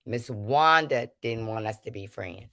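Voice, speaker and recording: A woman's voice: extremely low pitch, animated, unhurried, a bit bright, no room sound, clean studio sound. A woman hosting a livestream, calling people out to her chat and switching between anger and preachy talk of prayer and forgiveness. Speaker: livestream host.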